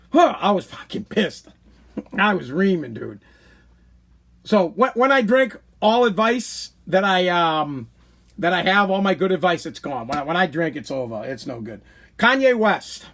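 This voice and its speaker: A middle-aged man with a notably high voice holds forth on his livestream podcast. He talks in a blunt, animated way, hammering his points home by repeating them. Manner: animated, blunt, preachy advice with many repetitions. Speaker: podcast host. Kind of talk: casual livestream monologue.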